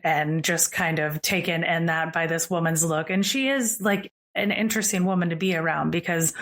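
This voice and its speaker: A woman's voice: fairly low pitch, fairly bright tone. Woman gm narrating a tabletop game, chatty and casual. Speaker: game master.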